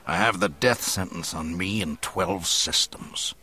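A man's voice: deep voice, unhurried, sharp tone, slightly rough, exaggerated voice. A man reading an audiobook and voicing a short, grubby male outlaw who sneers and threatens. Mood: menacing.

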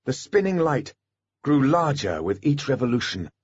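A man narrating an audiobook in a scripted, expressive storytelling manner. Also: medium pitch, normal speed, husky, dry recording, muffled recording.

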